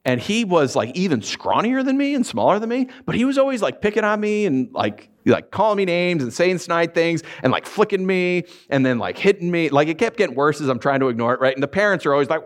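A man preaching a sermon, telling stories in an animated way, acting out voices and laughing often. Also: on the high side, fast talker, few pauses. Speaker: pastor.

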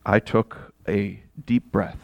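A man telling a dramatic first-person story monologue to an audience. He swings from quiet asides to exasperated, near-shouted outbursts and throws rhetorical questions at his listeners. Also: on the low side, steady tone, slow pace, gravelly, dry recording, lo-fi sound.

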